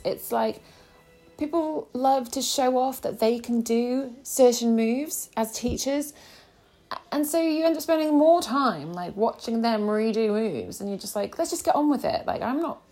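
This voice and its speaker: A woman's voice: fairly high pitch, lively intonation, a little slow, a little mellow, soft background music. A young woman vlogging, telling her day in a chatty, sarcastic way. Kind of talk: casual chat.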